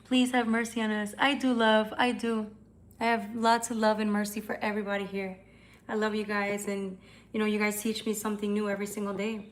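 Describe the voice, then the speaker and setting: A woman's voice: mid-range voice, little pitch movement, brisk. A young woman hosts a tarot livestream, talking loosely to her viewers. She answers their comments as they come in and swears casually.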